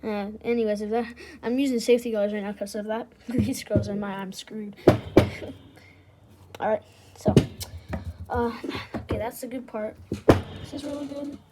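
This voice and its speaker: High-voiced woman chatting over loud noise. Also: steady tone, normal speed, pauses often. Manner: chatty, laughs often, drops to a whisper at times. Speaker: vlogger taking apart a machine. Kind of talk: casual running commentary while working. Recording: loud background noise with tool clicks.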